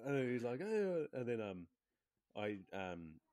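A man chatting casually on a podcast, telling animated stories and acting out quotes in high voices. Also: moderate pace. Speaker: podcast co-host. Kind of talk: casual gaming chat.

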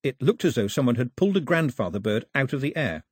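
Husky, lively male audiobook narrator. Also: medium pitch, fast, no room sound, studio quality. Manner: lively, expressive storytelling. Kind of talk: scripted narration. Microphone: close studio mic.

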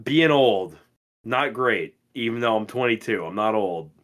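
A man in his twenties co-hosting a podcast, telling stories in a casual, profane and animated way. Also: lowish voice, a little slow. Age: 20s. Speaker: podcast co-host. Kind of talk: casual chat.

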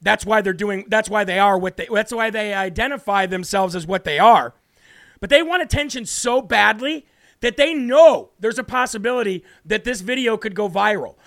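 A man's voice: high voice, fairly bright tone, dry recording, clean studio sound. A man with an American accent hosting a political talk show, talking in a brash, indignant way that repeats words for emphasis.

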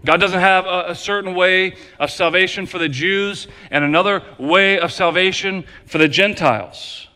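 A man preaching a sermon as pastor, emphatic and repetitive, swinging between loud declarations and quiet low passages. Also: moderate pace, hardly any pauses, smooth. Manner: emphatic preaching with repeated phrases, varying loud and soft. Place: church sanctuary. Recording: long hall reverb.

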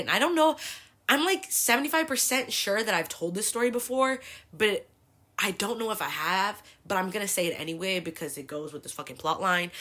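Telling a meandering, foul-mouthed story on her podcast, this young Bay Area woman says "like" constantly. Her voice is lowish, pushed, and bright.

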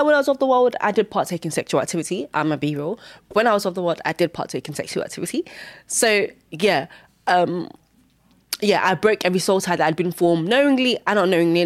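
A young woman talks through her testimony in a lowish voice, circling back and repeating phrases. Now and then she jumps into high, worked-up exclamations. The recording is close and dry, with no room around her. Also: dry recording. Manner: candid, repetitive, bursts into high exclamations. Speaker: Christian vlogger sharing testimony. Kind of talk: personal testimony monologue.

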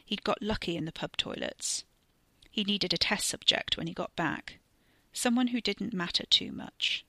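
Woman, horror story narrator, measured, slows for tension, bright tone, dry close sound. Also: on the low side, no echo. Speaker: podcast storyteller. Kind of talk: scripted narration.

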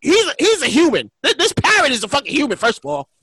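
A man spins a profane, animated story in casual chat, repeating words as he goes. His voice is high, bright and lively, and the sound is close and dry. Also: quick pace, no room sound.

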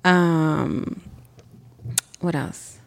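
A middle-aged woman co-hosting a casual chat podcast, telling family stories in a joking, animated way and mixing in Spanish words. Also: deep voice, extremely slow, vocal fry. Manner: animated storyteller, joking, acts out family quotes. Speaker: podcast co-host.

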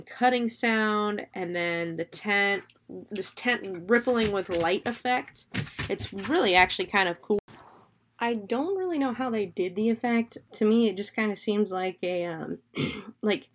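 A woman casually recapping and reviewing a horror film. She talks loosely, with lots of "like" and "um", and swears now and then for emphasis. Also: medium pitch.

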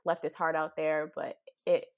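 Woman cohosting a sports chat, really animated, leans hard on words. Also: sits low, moderate pace. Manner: animated, dramatic emphasis. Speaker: co-host. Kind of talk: casual sports talk.

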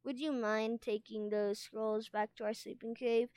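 A bold young female sea dragon speaks bluntly and defiantly, as a woman reads her aloud. The voice sits high and is recorded close and dry. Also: flat delivery, measured pace, darkish tone, clear, resonant tone, no room sound, lightly acted.

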